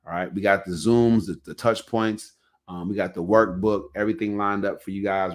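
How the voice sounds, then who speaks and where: Easygoing low-voiced man hosting a podcast. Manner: loose, storytelling, heavy on "you know what I'm saying". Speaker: podcast host. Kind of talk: casual podcast chat.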